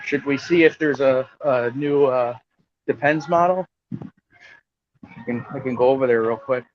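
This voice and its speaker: A man's voice: mid-range voice, measured pace, dull audio, slight background noise. A man co-hosting a casual chat over an earbud, joking and teasing. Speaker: podcast co-host.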